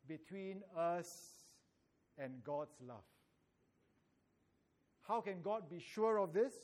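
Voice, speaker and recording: Slow, high-voiced male preacher. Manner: measured, emphatic reading of scripture with dramatic rises. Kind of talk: sermon.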